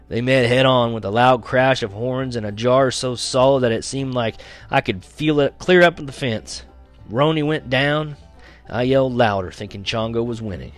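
Male storyteller, mid-pitched, reads with dramatic, lively delivery. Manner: lively, dramatic, slows for action beats. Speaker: audiobook reader. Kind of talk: first-person storytelling reading.

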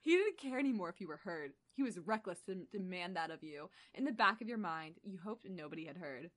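A woman's voice: lowish voice, expressive, brisk, a bit bright. A woman co-hosting a comedy podcast, reading explicit fan fiction aloud, often breaking into laughter and chatty asides. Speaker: podcast co-host.

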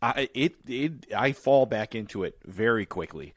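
A young man with a Chicago accent co-hosting a podcast in easy, playful banter. His voice sits at a middling pitch. It is recorded close and dry. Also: animated, moderate pace, no room sound. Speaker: podcast co-host. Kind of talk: casual podcast chat.

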